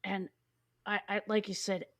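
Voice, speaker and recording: This is a woman in casual podcast chat, raving about music with loose, excited energy. She swears freely, trips over her words and restarts her sentences as her enthusiasm runs ahead of her. Her voice sits at an ordinary middle pitch for a woman. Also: a little slow. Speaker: podcast host.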